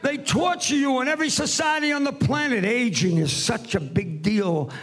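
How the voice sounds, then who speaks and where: A man's voice: very high voice, normal speed, a bit bright, slightly rough. A man in his seventies performing a stand-up comedy routine in a theatre, brash and teasing the audience with punchy one-liners. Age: 70s. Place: theatre stage before a live audience.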